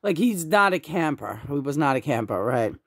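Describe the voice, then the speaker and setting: A woman's voice: sits low, big pitch swings, moderate pace, breathy edge. Rambling woman telling family stories. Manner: rambling, with frequent fillers and restarts, and laughter. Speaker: host of a home memorial. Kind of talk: casual storytelling.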